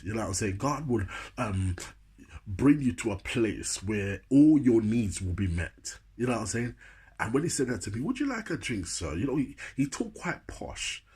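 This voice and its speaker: A man with a Jamaican accent tells a comic story from his life, laughing often between lines. His voice sits low and is very husky. He keeps turning to the listener to check that they are following. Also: darkish tone. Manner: chatty, laughs often, keeps asking "you know what I'm saying".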